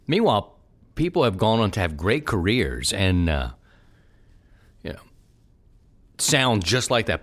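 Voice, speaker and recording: A man with a Baltimore accent hosts a podcast on his own, chatting casually and wandering between tangents with a joking ease. His voice sits low but moves a lot, rising and falling freely. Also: very animated, normal speed, fairly bright tone. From Baltimore, Maryland. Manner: rambling, jokey, drifts into accent bits. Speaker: podcast host. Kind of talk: casual solo podcast talk.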